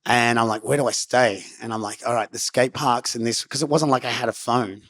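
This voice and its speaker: A man's voice: medium pitch, fairly even intonation, fairly quick, fairly bright tone. A middle-aged Australian man with an Australian accent, telling stories as a guest in a casual interview, rambling with lots of "like" and acted-out quotes. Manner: rambling, laid-back, lots of "like" and quoted self-talk.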